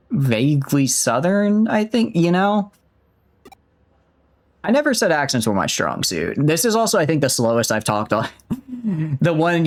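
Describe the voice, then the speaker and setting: A man streaming a video game, chatting casually and rambling in a self-mocking way with many restarts. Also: mid-range voice. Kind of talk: casual let's-play commentary.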